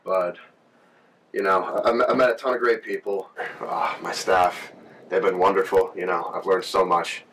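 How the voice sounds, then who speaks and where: A man speaking haltingly in a comedic skit monologue, stumbling through fillers. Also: sits low, fairly even intonation, a bit bright, a little hiss or hum. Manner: halting, full of fillers and restarts. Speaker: departing coach in a skit. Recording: distant mic, faint music.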